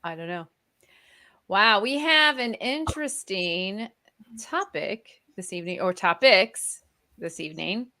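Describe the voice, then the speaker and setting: A woman with a Midwestern accent co-hosting a casual podcast, talking in a slow, meandering way and laughing often. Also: medium pitch, lively intonation, sharp tone. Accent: Kansas City, Midwestern US. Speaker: podcast co-host. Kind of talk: casual chat.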